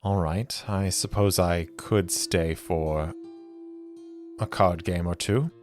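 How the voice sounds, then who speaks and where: Aloof young ex-sailor, voiced by a man in his own low register, dry and guarded. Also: slow pace, a little mellow, soft background music. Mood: wry. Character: wry, aloof young male ex-sailor recruit.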